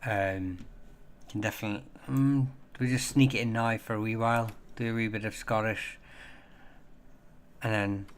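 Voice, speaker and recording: Man, livestream host, low voice, rambling casual chat, faint room hum behind. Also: fairly even intonation. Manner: rambling, halting, many fillers and restarts.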